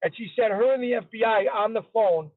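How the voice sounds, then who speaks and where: A man's voice: sits high, fairly quick, no room sound. Chatty man on a tinny phone line. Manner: chatty, repeats himself for emphasis. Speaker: interview guest. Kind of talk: casual storytelling.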